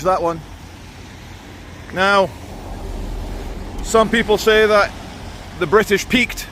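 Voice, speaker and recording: A man's voice: sits high, fairly bright tone. A man from Brazil with a British upbringing, chatting casually and opinionatedly while walking through a town. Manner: chatty, rambling, opinionated, self-correcting. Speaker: vlogger. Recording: outdoor street noise.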